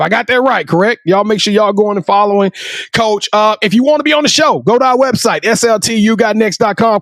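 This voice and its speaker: A male podcast co-host, exuberant and out of breath, shouting and sing-song as he closes the show. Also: high voice, vocal fry, dry recording, clean studio sound. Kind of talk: hype show sign-off, energetic chat.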